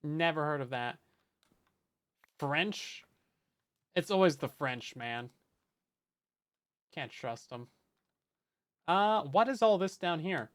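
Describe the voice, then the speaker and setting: A man's voice: a little high, expressive, slow, pauses often, a bit bright. A man casually narrating his Minecraft building session, chatting and joking at his own expense as he plays. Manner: chatty, self-mocking, talks to chat while building. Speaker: Minecraft let's play host. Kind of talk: casual gameplay commentary.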